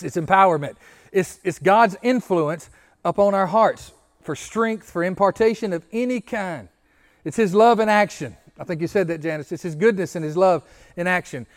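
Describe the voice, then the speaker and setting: A male pastor with a high voice engages his congregation with frequent questions throughout an interactive sermon. Key phrases get repeated, and he stammers through several restarts.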